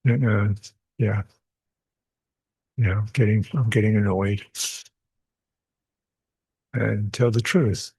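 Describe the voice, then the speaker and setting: A man's voice: lowish voice, fairly even intonation, takes it slowly, long pauses, mellow, breathy edge. An older man, a Buddhist monk, answering questions at a meditation retreat, reflective, repeating short phrases and chuckling often. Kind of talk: retreat Q&A dharma talk.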